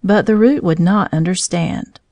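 A woman with a lowish voice reads a children's storybook aloud, gentle and clear. The recording is dry and close, with no room sound. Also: a little slow, no room sound.

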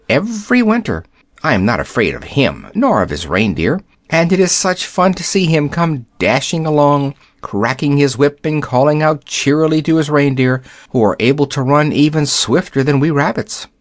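Man voicing a timid little rabbit, gentle, chatty, lively lilt, storybook. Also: on the high side, moderate pace, no room sound, studio quality. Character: shy gentle male forest rabbit.

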